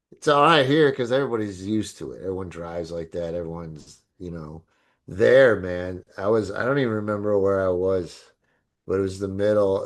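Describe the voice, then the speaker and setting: A man co-hosting a podcast, telling crude stories in a casual chat with frequent laughs. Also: low-pitched. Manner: laughing storyteller, animated with crude banter. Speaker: podcast co-host.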